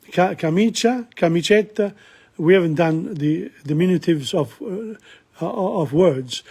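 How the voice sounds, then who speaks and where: A man's voice: a little high, darkish tone, breathy edge. A man teaching an informal language lesson, explaining Neapolitan song lyrics line by line with frequent restarts and asides.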